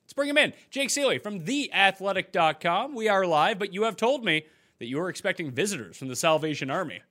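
Animated, bright-voiced male podcast host. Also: sits high, fairly quick. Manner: energetic, joking, emphatic. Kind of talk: lively fantasy football podcast talk.

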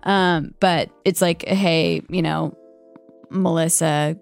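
A woman's voice: low voice, animated, vocal fry, soft background music. A young woman who works as a college radio DJ, chatting casually in the studio and stumbling through lots of likes and fillers. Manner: filler-heavy, halting with many likes. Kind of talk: casual chat. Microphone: studio microphone.

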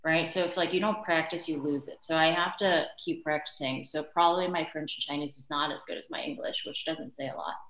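A woman speaks in a fairly low voice, candid and animated as she chats as a podcast guest. Her voice rings a little in a roomy space. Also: a little fast, hardly any pauses. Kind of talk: casual conversation.

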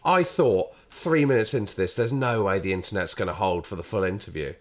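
A man's voice: lowish voice, a little fast. A man co-hosting a podcast, chatting casually with wry, dry humour. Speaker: podcast co-host. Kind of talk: casual chat.

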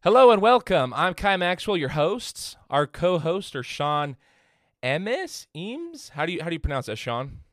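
A man's voice: on the high side, animated, normal speed, hardly any pauses, dry recording. A man hosting a podcast in casual chat, congested from a head cold, talking loosely with fillers and restarts. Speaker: podcast host.

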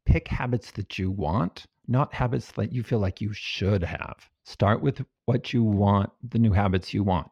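A man with a low, gravelly voice lays out his ideas calmly and practically, now and then with a light playful touch. The recording is dry and close but a little dull and lo-fi. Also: moderate pace, hardly any pauses, dry recording. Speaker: researcher and guest. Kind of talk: explaining in an interview.

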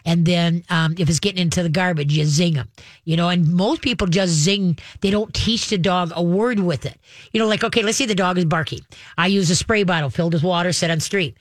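A woman's voice: fairly low pitch, brisk, dry recording. A woman dog trainer, a guest giving casual advice in a folksy, rambling way. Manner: folksy and rambling, acts out dogs and owners.

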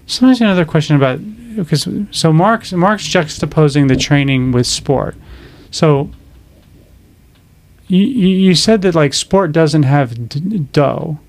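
A man hosting a casual podcast conversation, asking halting questions full of fillers and often finishing the other speaker's sentences. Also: fairly high pitch, animated. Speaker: podcast host.

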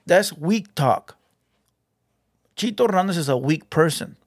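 A man's voice: a little high, animated, unhurried, no echo, studio quality. A man giving a blunt, preachy street advice monologue as a reaction video host, mixing Spanish slang into his talk.

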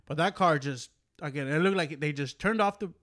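A man co-hosting a podcast in casual chat, relaxed and filler-heavy, laughing as he tells a driving story. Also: a little high, brisk. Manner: relaxed, laughs often, says "like" and "dude". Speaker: podcast co-host.

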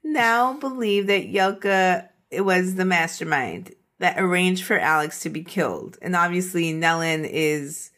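A woman with a fairly low voice hosts a true crime podcast. She walks through the case casually, laughing often and acting out quotes. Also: measured pace, few pauses, a bit bright. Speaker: podcast host.

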